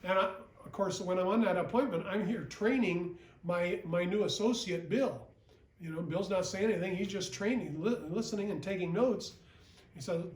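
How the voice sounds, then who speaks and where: A man's voice: high-pitched, moderate pace. A man, a regional vice president, giving a recorded sales training talk in a plain, repetitive way that often checks in with "okay?". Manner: plain-spoken, repeats points, often asks "okay?". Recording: echoey room, mic at a distance.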